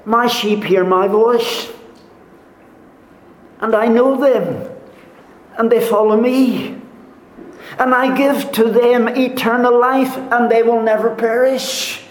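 A man preaching a sermon to his congregation, deliberate and repeating rhetorical questions. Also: extremely high pitch, steady tone. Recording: echoey room.

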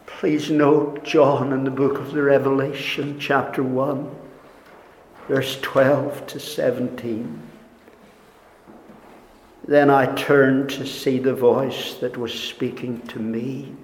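A man delivers a sermon at a very unhurried pace, letting words sink to near-whispers before rising again for emphasis. His voice rings through a large, echoey hall with a long reverb tail and faint room ambience. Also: mid-range voice, flat delivery, a little hiss or hum. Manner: slow, deliberate preaching, dropping to near-whispers and rising in emphasis. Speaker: preacher.

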